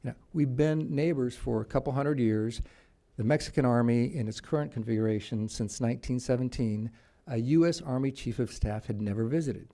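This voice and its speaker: A man presenting at a policy conference, telling anecdotes in a halting way with many restarts. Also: medium pitch, dark tone. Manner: storytelling with quoted voices. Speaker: conference panelist. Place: conference room.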